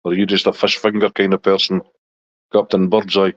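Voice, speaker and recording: A Scottish man hosting a casual live chat with viewers in a relaxed, chatty way. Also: brisk, no room sound. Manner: relaxed, chatty, talks to his dog in a high baby voice. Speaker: livestream host chatting with viewers. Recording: dull lo-fi dry sound.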